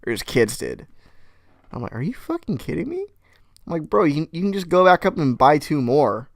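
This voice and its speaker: A man's voice: fairly high pitch, brisk, dry recording, clean studio sound. A young man co-hosting a podcast, telling a story in casual chat, swearing often and acting out what people said. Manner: profane, animated storyteller who acts out quotes. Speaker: podcast co-host. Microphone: headphones and mic.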